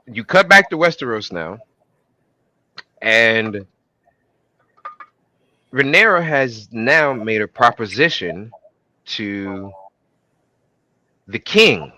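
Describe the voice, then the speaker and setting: A man co-hosts a podcast, talking casually and bouncing all over his range as he acts out scenes. His tone is bright and sharp. The mic is close and dry, with no room around him. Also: slow, long pauses, no room sound, poor audio. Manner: animated, acts out characters with sudden high-pitched voices. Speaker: podcast co-host. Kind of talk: casual chat recapping a TV episode.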